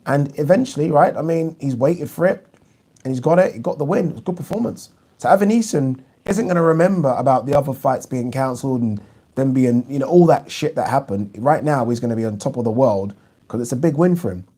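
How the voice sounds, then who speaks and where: A man's voice: mid-range voice, warm tone, husky. A man hosting a live boxing review, giving blunt opinions and answering viewer questions in casual, restart-filled talk. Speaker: boxing channel host.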